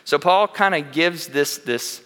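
A man's voice: fairly high pitch, a little slow, sharp tone, clean tone. A man preaching a sermon in a church, telling candid personal stories in an earnest way and often restarting his sentences. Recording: long reverb of a large hall.

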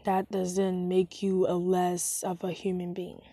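A woman's voice: fairly low pitch, monotone, a little slow, warm tone, dry recording. A young woman hosting a casual solo podcast, rambling and self-deprecating, recorded on a phone with wired headphones. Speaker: podcast host. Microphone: phone voice recorder app with wired headphones.

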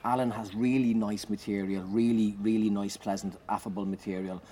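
A man, a comedian, telling an animated anecdote in conversation, swearing and shouting out the lines he acts. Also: on the low side, a little fast. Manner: animated, swearing, loud acted-out bursts. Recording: noisy background.

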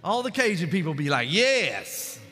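High bright-voiced preacher. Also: male voice, animated, moderate pace, big-room sound, soft background music. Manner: fervent preaching, swings from loud to hushed. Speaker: pastor. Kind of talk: sermon. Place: church sanctuary.

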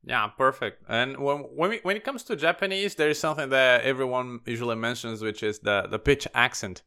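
A man's voice: mid-range voice, brisk, pushed and bright, clean tone. A man hosting a podcast, asking questions in a brief, encouraging way. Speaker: podcast host. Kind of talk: interview questions.

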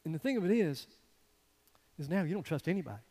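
High-voiced man preaching in a hall. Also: big pitch swings, fast talker. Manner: swings from quiet to loud, preaching emphatically. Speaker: pastor. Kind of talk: sermon.

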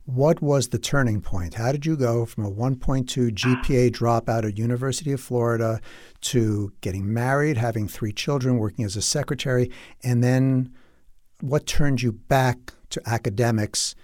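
A man's voice: mid-range voice, normal speed, a little mellow, no room sound, studio quality. A man hosting a podcast, asking admiring questions of his guest. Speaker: podcast host. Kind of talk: podcast interview.

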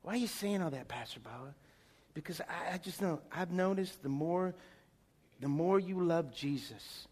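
A man preaching a sermon, telling stories excitedly and swinging from soft talk to shouts. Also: on the high side, normal speed, slightly rough. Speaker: pastor.

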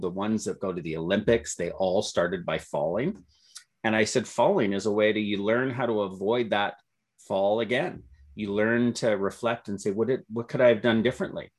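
A middle-aged man with a slightly low voice tells stories from his working life in an interview. He sounds upbeat and optimistic, often restarting his sentences as he goes. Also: husky. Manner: upbeat, optimistic storyteller with self-corrections. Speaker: entrepreneur guest. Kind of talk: storytelling interview answers.

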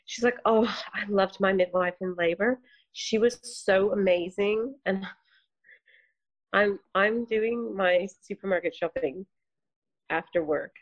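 A young woman, a midwife co-hosting a podcast, telling relaxed anecdotes about being recognized. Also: medium pitch, a little slow, no echo, dull audio. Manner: relaxed, anecdotal, acts out quotes. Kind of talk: casual storytelling.

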